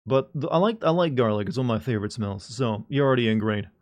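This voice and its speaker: Male streamer, mid-pitch, casual rambling banter with dark jokes. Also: animated, quick pace. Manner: joking, rambling, talks to chat. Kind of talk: casual live-stream chat.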